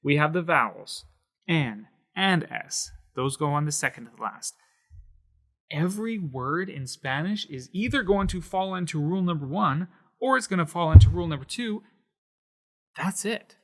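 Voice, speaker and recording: A man's voice: on the high side, lively intonation. Man teaching Spanish stress rules. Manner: patient, explanatory, stresses syllables slowly. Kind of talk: whiteboard grammar lesson.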